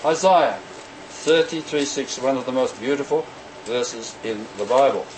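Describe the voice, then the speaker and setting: A man preaching a sermon in an animated way, often acting out the voices of the people he quotes. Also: medium pitch, measured pace, a little hiss or hum, rough recording.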